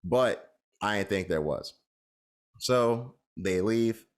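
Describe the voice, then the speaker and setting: A man's voice: on the low side, slow pace. A man co-hosting a podcast, telling a long story in a casual, rambling way with lots of fillers. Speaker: podcast co-host.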